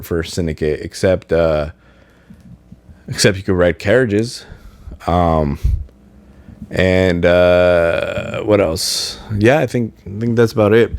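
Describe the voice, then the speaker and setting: In a low voice with no echo, a male podcast host keeps up loose, rambling chat full of fillers and false starts.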